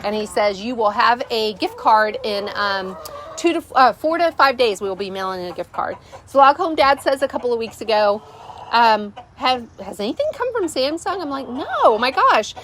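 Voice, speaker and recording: Outdoors on a rural homestead, a middle-aged vlogger casually rambles through a story to camera, filling it with fillers. Her fairly high, expressive voice is a bit bright and moves at normal speed, with slight hiss or hum in the recording.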